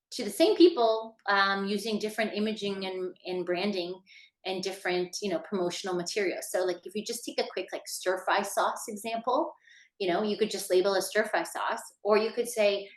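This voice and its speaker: Speaking at a moderate pace in a medium-pitched voice, a female workshop instructor teaches business in a relaxed, talkative way. She uses many fillers and addresses the audience directly, and the recording is reverberant.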